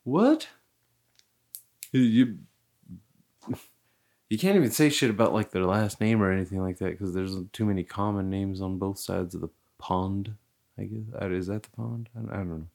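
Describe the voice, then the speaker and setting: A man's voice: low-pitched, fairly quick, creaky, a little mellow. A young man hosting a casual podcast chat, rambling, laughing often and swearing freely. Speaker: podcast host.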